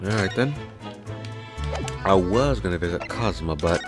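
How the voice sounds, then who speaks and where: A man reading video game dialogue aloud as a let's play narrator, casual and halting. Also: sits low, expressive. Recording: game music behind voice.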